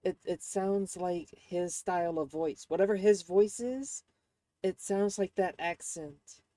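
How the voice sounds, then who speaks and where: A woman's voice: fairly low pitch, slow, dark tone, dry recording. A woman streaming a game and commenting casually, often rambling and searching for words.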